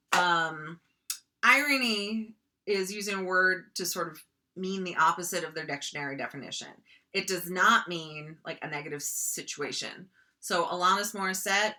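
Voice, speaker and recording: Chatty woman teacher from North Dakota, bright. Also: fairly low pitch. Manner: chatty, frequent ums and likes, mock voices for examples. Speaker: writing teacher. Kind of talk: casual classroom lecture.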